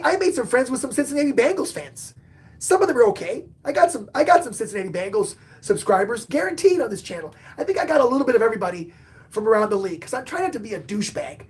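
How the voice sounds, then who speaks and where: A man hosting a casual live-stream sports talk show, excitable, swinging between loud outbursts and muttered asides. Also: extremely high pitch. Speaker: podcast host and sports fan; bartender.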